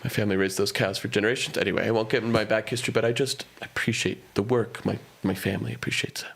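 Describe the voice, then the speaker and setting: A man improvising a humble, earnest former cow herder turned maid who keeps apologizing and flattering his employer. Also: lowish voice, racing, vocal fry. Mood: eager. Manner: fawning and over-apologetic. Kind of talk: improvised comedy scene. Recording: live theater with faint guitar music.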